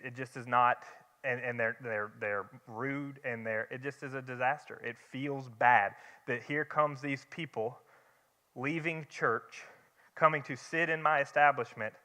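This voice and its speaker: A young man leads a church Bible study in a church hall, speaking conversationally with rhetorical questions and restarts. His voice is medium-pitched, bright, and forceful, and the recording carries long hall reverb.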